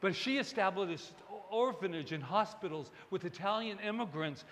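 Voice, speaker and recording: A man preaching a sermon as minister, animated and digressive, with joking asides to the congregation. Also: sits high, normal speed, big-room sound, slight background noise. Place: church service hall.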